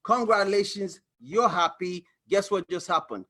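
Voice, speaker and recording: A man's voice: sits high, moderate pace. A man coaching viewers on personal finance over a shared screen, talking animatedly and acting out little scenes between a couple and their bank. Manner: animated, acts out little dialogues, exclaims. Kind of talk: screen-share explainer talk.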